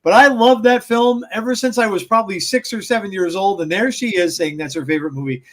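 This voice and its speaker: A man's voice: high-pitched, fast talker, a bit bright. A man co-hosting a wrestling podcast, telling rambling anecdotes in casual chat, with lots of fillers and restarts and laughter at his own stories. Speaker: podcast co-host.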